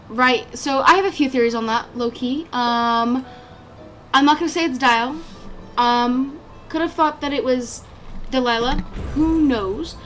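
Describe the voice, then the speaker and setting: A woman with a slightly high voice talks casually over her own gameplay, rambling from point to point with lots of ums and restarts. Faint music plays behind her. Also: a bit bright. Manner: chatty and rambling, many fillers and restarts. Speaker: gaming channel creator.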